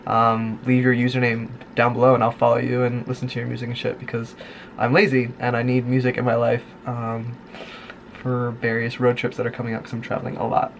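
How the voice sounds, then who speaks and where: A man chatting casually to camera in a vlog, tired and a bit sick, rambling in a relaxed way. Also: brisk, vocal fry, a little hiss or hum. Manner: gushing high baby talk with dogs. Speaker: vlogger. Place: indoors in bed at night.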